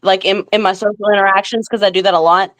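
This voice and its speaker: A woman's voice: mid-range voice, flat delivery, fast, no room sound, poor audio. A woman from the American South with a Southern drawl, joking playfully and teasing herself in casual stream banter. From Southern United States. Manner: playful, drawling, self-mocking.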